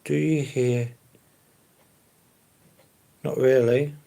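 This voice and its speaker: A man's voice: medium pitch, fairly even intonation, very slow, vocal fry, warm tone. A man chatting casually on a live stream, answering viewers in an easygoing, rambling way. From London. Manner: easygoing, rambling, fillers and hedges like to be honest.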